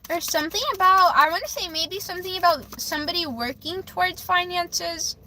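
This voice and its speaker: A woman's voice: very high voice, a little fast, pushed and bright, a little hiss or hum, poor audio. A young woman live-streaming a tarot reading, speaking emotionally, stammering and repeating herself. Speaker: livestreamer giving tarot readings.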